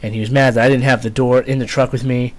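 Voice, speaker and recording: A man's voice: medium pitch, level tone, fast. Profane rambling man telling a story. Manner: rambling, profane, lots of fillers. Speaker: vlogger, former Marine. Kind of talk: casual storytelling.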